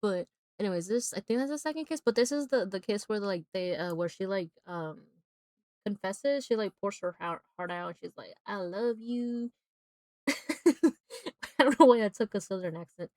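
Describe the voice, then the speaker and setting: A woman streamer chatting at home, retelling a movie in a loose, rambling way and leaning on "like" in nearly every phrase. Her voice sits at an ordinary middle pitch. The sound is dry and close, with no room around it. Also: expressive, fairly quick, a little mellow, dry recording. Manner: rambling, constant filler "like", breaks into laughter. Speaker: live streamer. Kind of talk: casual chat recapping a movie while drawing.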